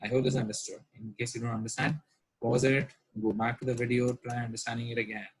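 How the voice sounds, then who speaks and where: A man's voice: mid-range voice, level tone, fast, husky, no echo, rough recording. A man, teaching a recorded math lesson and often asking whether students follow. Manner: repetitive, checks understanding with rhetorical questions. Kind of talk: recorded lecture at a whiteboard.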